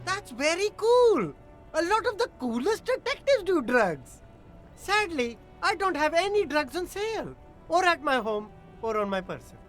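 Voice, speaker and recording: Streamer doing a chirpy, evasive street vendor. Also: female voice, extremely high pitch, sing-song, a little slow, soft background music, pitched above the performer's own voice, heavily acted. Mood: cheeky. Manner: playful, sing-song, exaggerated. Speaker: streamer voicing game dialogue.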